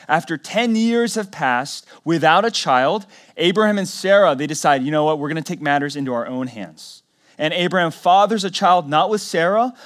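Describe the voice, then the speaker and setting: Conversational pastor preaching, higher voice. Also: male voice. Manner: conversational storytelling with acted quotes; swings between loud emphasis and low quiet lines. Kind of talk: sermon.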